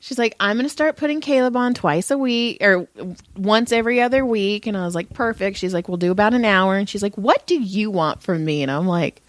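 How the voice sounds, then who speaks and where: In a dry recording, a middle-aged podcast co-host talks fairly quickly in a mid-range voice, rarely pausing. She tells family stories casually, acting out the voices animatedly and cursing freely.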